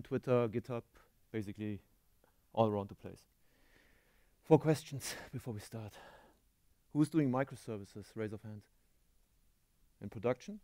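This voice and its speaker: A man's voice: medium pitch, a little mellow, smooth, dry recording, studio quality. A man from Germany with a German accent, giving a tech conference talk on stage, self-deprecating and quizzing the audience. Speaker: conference speaker.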